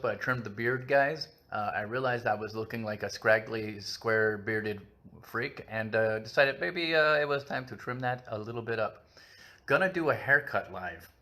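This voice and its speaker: A man's voice: lowish voice, pushed and bright. A man hosting a casual live-stream book chat, talking on at length in a rambling, self-mocking way with lots of filler.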